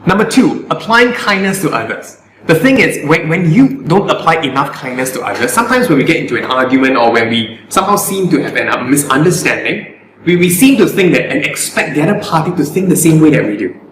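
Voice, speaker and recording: A man's voice: a little high, sing-song, brisk, reverberant, noisy background. A man coaching on public speaking in a live Q&A, earnest and often repeating words as he finds his phrasing. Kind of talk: live stream Q&A.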